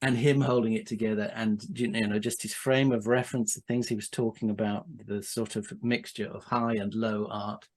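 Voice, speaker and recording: A man's voice: fairly low pitch, level tone, moderate pace, hardly any pauses, a little mellow. A man, a podcast guest, telling a casual anecdote with frequent restarts, asides and laughter.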